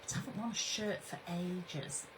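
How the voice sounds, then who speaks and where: A woman's voice: on the low side, fairly even intonation, normal speed, background noise. A woman hosting a casual livestream, chatty and bubbly, greeting her viewers by name. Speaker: craft brand owner hosting a livestream.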